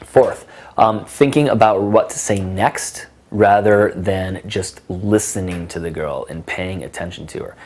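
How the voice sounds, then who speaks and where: This dating coach is a young adult man whose low voice is unhurried and a little mellow. His instruction comes across as conversational and emphatic, with casual fillers dropped in often.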